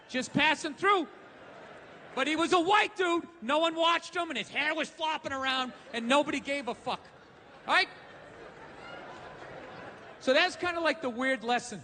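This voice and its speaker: A man doing a stand-up comedy rant, loud and profane, acting out voices as he goes. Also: very high voice, a little hiss or hum. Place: live comedy venue. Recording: reverberant live venue with faint ambience.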